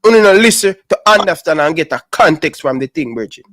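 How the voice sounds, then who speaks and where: Jamaican guy hosting a call-in sports show, kinda high voice, dry close mic, patois, says brother a lot. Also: brisk, dry recording. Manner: animated, speaks Jamaican patois, calls people brother. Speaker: show host. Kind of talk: live call-in sports talk.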